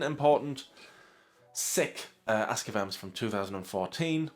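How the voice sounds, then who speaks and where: A man's voice: medium pitch, animated, moderate pace, soft background music. A man hosting a commentary channel, reading out questions and answers and cutting in with sarcastic jabs. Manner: sarcastic, interrupting himself with jabs. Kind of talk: mocking reaction commentary.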